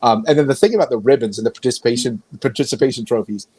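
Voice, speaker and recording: A man's voice: mid-range voice, very fast, a little mellow, husky, dry recording, low-quality recording. Rambling man with a dry sound. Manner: rambling, self-correcting storyteller. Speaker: podcast guest. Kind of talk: casual conversation.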